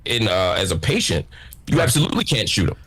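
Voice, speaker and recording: A man arguing in a debate, measured but halting, with frequent restarts. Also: fairly low pitch, very animated, fairly bright tone, breathy edge. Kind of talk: debate argument.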